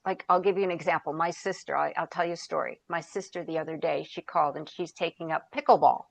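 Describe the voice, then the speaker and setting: This podcast guest, a woman who is a founder and coach, talks a little fast with vocal fry and barely pauses in her lowish voice. Conversational, she tells stories and offers advice, quoting herself and others and now and then groping for words.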